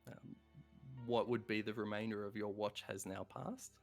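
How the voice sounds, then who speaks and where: A man narrating a tabletop game as game master, with a relaxed, chuckling narration. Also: on the low side, normal speed, creaky, soft background music.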